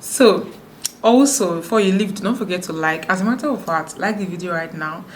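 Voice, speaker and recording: A woman from Nigeria talking fast to camera in a sit-down vlog, with frequent restarts. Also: on the low side, animated, slight background noise. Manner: talks fast, many restarts. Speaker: YouTuber. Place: indoors, sit-down video.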